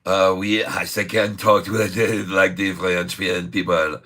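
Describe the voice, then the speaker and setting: Man, middle-aged, livestream host, low voice, bright forceful edge, chatty, jokey. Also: flat delivery, slow. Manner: chatty and jokey, laughs often, repeats words. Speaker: day-trading livestream host. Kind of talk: casual livestream chat.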